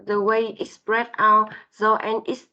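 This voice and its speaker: A woman student with a Vietnamese accent, a native Vietnamese speaker, reading a class presentation in a halting, hesitant way. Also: mid-range voice, flat delivery, dull audio.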